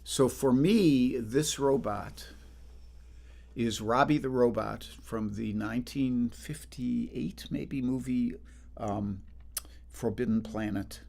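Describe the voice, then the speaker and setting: A man's voice: mid-range voice, takes it slowly, vocal fry, a little mellow. An older man hosting a livestream concert, chatting casually between songs and greeting viewers by name with a rambling manner. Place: home, livestream. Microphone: livestream microphone.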